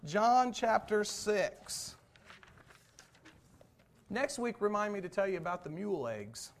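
A pastor in the pulpit with a notably high voice for a man. He moves between a relaxed, folksy storytelling manner and emphatic preaching. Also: takes it slowly, slight background noise. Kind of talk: sermon.

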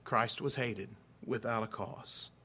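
A man's voice: medium pitch, slow pace, pushed and bright, slightly rough. A man in his forties, a pastor, preaching a folksy, conversational sermon full of rhetorical questions. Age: 40s.

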